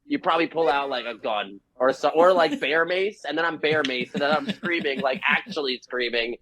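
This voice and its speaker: A young man from New Jersey, a band vocalist telling a rambling, animated story on a podcast and laughing through it. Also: a little high, moderate pace, poor audio. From New Jersey, USA.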